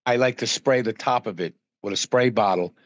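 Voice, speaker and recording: A man's voice: on the low side, brisk, dry recording, dull audio. A man guesting on a podcast, telling casual anecdotes and acting out the dialogue in them. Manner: acts out dialogue in stories, many fillers.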